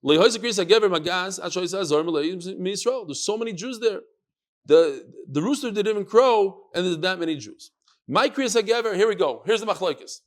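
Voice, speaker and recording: A man's voice: high-pitched, expressive, fairly quick. A man, a rabbi, teaching a live Talmud class in a study hall. He tells stories with flair, acts out the quotes and talks straight to his students.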